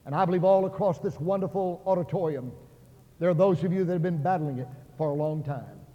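An impassioned evangelist, a man with a high voice, preaching a revival sermon. He acts out the voices in his stories and climbs toward near shouts. The sound is dull and washed in the long reverb of a large auditorium. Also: a little fast. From Oklahoma.

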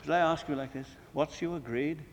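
Fervent preacher in a reverberant hall. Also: male voice, on the high side, normal speed, slight background noise. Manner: emphatic, rhetorical questions, swings between soaring and hushed. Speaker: preacher addressing fellow preachers. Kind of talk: sermon lecture. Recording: long reverb of a large hall.

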